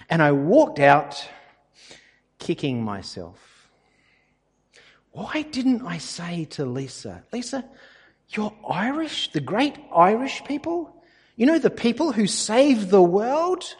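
Animated pastor, husky voice. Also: male voice, a little high, long reverb tail. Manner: conversational, anecdotal, animated. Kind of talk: sermon.

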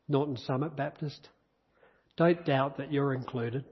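A man's voice: mid-range voice, measured pace, slightly rough. A male pastor preaching a sermon, earnest and repeating key phrases, recorded in a church. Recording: dull echoey church hall recording.

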